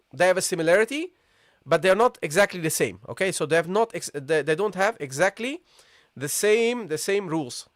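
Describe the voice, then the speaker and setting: Man with a highish voice teaching a live online class, keeps saying okay and guys, dry close sound. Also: dry recording. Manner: repetitive, checks in with "okay?" and "guys"; models pronunciations slowly. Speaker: Arabic teacher.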